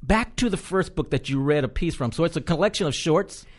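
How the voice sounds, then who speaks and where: A man's voice: on the high side, animated, brisk. A man hosting an indie music and arts radio show, joking, teasing and laughing often between his questions. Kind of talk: casual radio interview.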